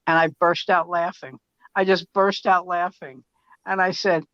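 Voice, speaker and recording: An older man and veteran comedian telling animated anecdotes in casual chat, acting out the quotes as he goes. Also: sits high, measured pace, creaky, dry recording. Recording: dull lo-fi sound.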